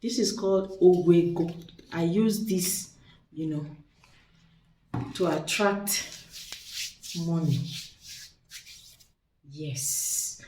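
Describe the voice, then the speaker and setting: A woman's voice: fairly low pitch, very slow, pauses often, dark tone. A woman showing off spiritual products in a chatty, persuasive way, repeating words for emphasis. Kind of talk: casual product showcase. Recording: echoey room, distant mic.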